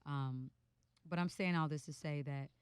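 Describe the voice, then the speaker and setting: A woman's voice: deep voice, normal speed, clean tone, no room sound. A woman in her thirties, a guest musician in a casual radio interview, telling stories with lots of fillers in a studio. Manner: animated storyteller, many fillers.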